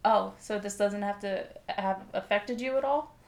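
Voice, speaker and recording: A woman co-hosting a podcast in casual chat, chatty and quick with asides. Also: mid-range voice, a little mellow. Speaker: podcast co-host.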